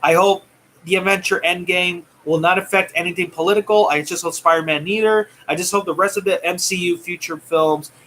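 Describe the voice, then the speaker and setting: Bright-voiced man ranting heatedly. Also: high-pitched, fairly even intonation, brisk, slight background noise. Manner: heated, taunting, swings loud and soft. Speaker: movie news vlogger. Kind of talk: ranting commentary.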